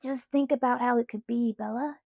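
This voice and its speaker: A woman's voice: a little high, moderate pace, gravelly, dark tone, no echo, clean studio sound. A woman reading the part of a cheerful, persistent teenage boy in an easygoing, coaxing way.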